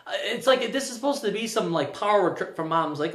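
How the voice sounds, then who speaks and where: A man's voice: sits high, expressive, a little fast, fairly bright tone, reverberant. A young man giving a casual spoken movie review, rambling and often stammering over restarts.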